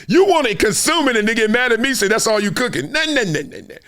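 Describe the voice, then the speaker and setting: A middle-aged man with holds forth on a sports talk show. His voice sits high and swings widely as he makes his points. He repeats words for emphasis and laughs through his arguments. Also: very animated, fast, pushed and bright. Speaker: podcast host. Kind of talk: casual sports commentary monologue.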